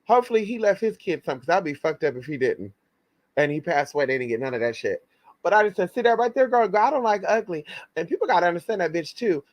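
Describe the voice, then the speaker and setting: A man telling a story in a sassy, profane, dramatic way, jumping into high quoted voices. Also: big pitch swings, quick pace, no echo. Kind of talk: casual storytime monologue.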